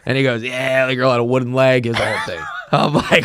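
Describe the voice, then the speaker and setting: Man, young adult, podcast host, animated storytelling, mid pitch, dry room. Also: quick pace, hardly any pauses, clear, resonant tone, dry recording. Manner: animated storyteller, acting out quotes. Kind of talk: casual chat.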